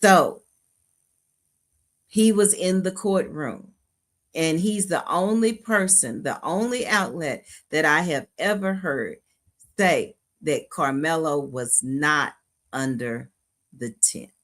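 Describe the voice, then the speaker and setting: A woman co-hosting a live show, commenting with deliberate emphasis and casual slang. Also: sits low. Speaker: co-host.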